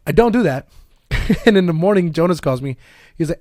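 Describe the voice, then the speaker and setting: A man co-hosting a casual gaming podcast, telling a story fast and animatedly, with swearing and laughs. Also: on the high side, darkish tone, no room sound, clean studio sound. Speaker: podcast co-host. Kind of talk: casual chat among friends.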